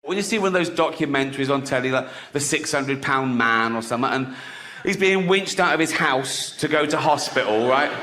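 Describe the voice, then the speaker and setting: A man's voice: medium pitch, lively intonation, a little fast, hardly any pauses, background noise. An English man doing stand-up comedy, sardonic and profane, laughing at his own jokes.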